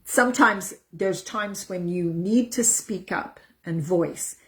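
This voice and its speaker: A middle-aged woman coaching viewers in a casual talk to camera, earnest and repetitive, often repeating her phrases for emphasis. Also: fairly low pitch. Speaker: menopause coach.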